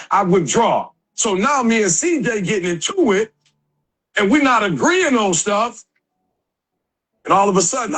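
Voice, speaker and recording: Man, motivational speaker, high voice, husky tone, slangy talk, emphatic shouted exhortations. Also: poor audio. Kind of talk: motivational speech to a live audience.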